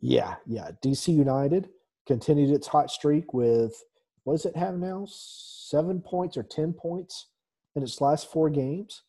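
A man hosts a casual soccer talk show, working through the evening's scores in a mellow, relaxed voice. He fills the gaps with ums and uhs and slips in a dry, sarcastic aside now and then. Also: fairly high pitch, a little slow, husky. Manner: reads scores with many fillers, dry sarcasm. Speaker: soccer podcast host.

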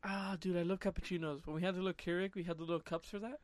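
Animated young man, higher voice, dry close mic. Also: no echo. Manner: animated, excitable, quick to tease. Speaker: podcast co-host. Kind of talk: casual chat.

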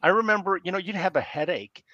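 A man's voice: high-pitched, fast, no echo. Rambling middle-aged man telling stories. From Iowa. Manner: rambling, animated, acts out coaches yelling. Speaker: podcast guest, former college football player. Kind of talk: casual storytelling interview. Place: live podcast studio. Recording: slightly muffled dry sound.

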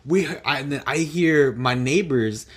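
A man's voice: medium pitch, measured pace. A young man telling a story in casual chat, laid-back and slangy, laughing often.

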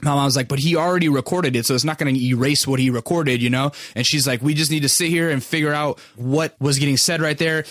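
A man's voice: mid-range voice, a bit bright, no room sound, clean studio sound. A young man hosting a podcast, telling a personal story in a candid, casual way, swearing freely and full of fillers. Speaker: podcast host.

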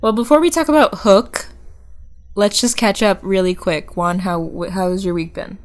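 A woman co-hosting a casual podcast over a call, playful and quick to laugh, with a scratchy throat. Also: mid-range voice. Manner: playful, laughs often, jokey. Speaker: podcast co-host. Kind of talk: casual chat. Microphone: remote call.

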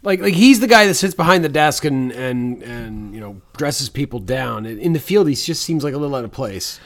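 A man from Canada who co-hosts a movie podcast. He talks in an animated way and slips into comic impressions. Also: medium pitch, brisk. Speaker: podcast co-host. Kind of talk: casual movie-review chat.

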